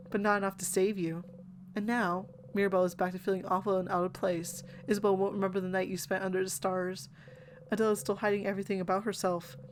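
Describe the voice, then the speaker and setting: A woman's voice: fairly low pitch, slight background noise. A woman streaming a story game, reading its dialogue and narration aloud expressively and reacting with her own comments. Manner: reads dialogue expressively, reacting between lines.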